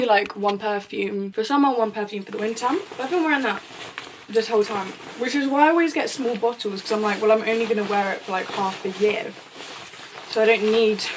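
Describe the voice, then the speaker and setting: A woman's voice: a little high, a little hiss or hum. Chatty young woman vlogging to camera. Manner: chatty, rambling and self-mocking, swears casually. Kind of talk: casual vlog chat to camera.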